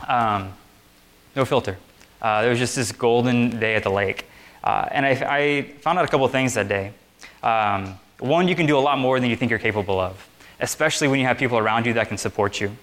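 A young man in the middle of an informal sermon, with a voice that sits at an ordinary, mid-range pitch for a man. He talks as if chatting with friends, loose and easygoing, full of little fillers. He is speaking to a group gathered on chairs in a meeting room. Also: a little fast. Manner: conversational, relaxed and chatty, with many fillers. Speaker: preacher. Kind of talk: casual sermon.

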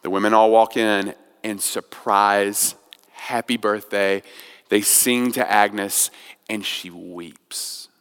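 A man preaching a sermon as pastor, telling a story, swinging from quiet and slow to loud and raised. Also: fairly even intonation, smooth. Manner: storytelling, builds from soft and slow to loud and high. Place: church sanctuary. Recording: long church hall reverb.

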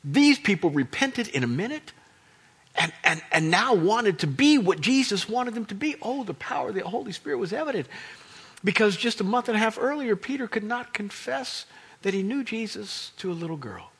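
Male American pastor, high, lively delivery, slightly husky; storytelling sermon. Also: moderate pace. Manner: animated storytelling, acts out voices of disciples.

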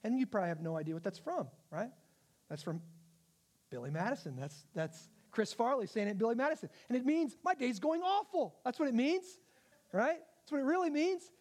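A man's voice: very high voice, lively intonation, brisk, darkish tone. A male pastor giving a conversational sermon, often checking in with his listeners. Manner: conversational, asks the audience questions.

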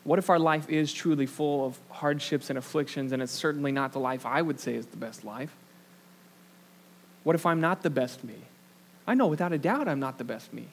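A man's voice: fairly high pitch, fairly quick, a little hiss or hum. Casual young man preaching. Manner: casual, self-deprecating storyteller with many fillers. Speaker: pastor. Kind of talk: sermon with a personal anecdote.

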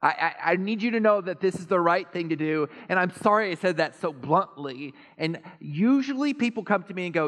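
A man preaching a sermon as pastor, animated and self-deprecating, swinging between quiet asides and loud emphasis. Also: high voice, a little fast, hardly any pauses. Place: church sanctuary. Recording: long reverb of a church hall.

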